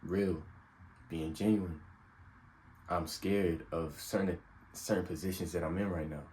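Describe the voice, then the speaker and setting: A young man with a very deep voice talks through personal advice, earnest and unguarded, as if thinking aloud. A faint hiss of background noise sits under his voice. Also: steady tone, measured pace, darkish tone, low-quality recording. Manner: earnest, unscripted, vulnerable. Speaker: self-help vlogger.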